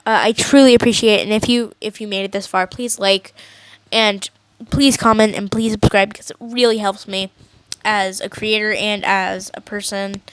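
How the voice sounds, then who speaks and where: A woman's voice: mid-range voice, fairly even intonation, moderate pace, smooth. A teenage girl ranting casually to camera as a vlogger, rambling with many likes and restarts.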